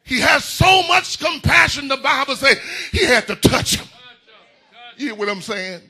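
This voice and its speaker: Husky high preacher guy, bright tense voice, hollers and sings his lines in church. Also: big pitch swings, normal speed. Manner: whooping call-and-response preaching, rising into shouts. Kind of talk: sermon.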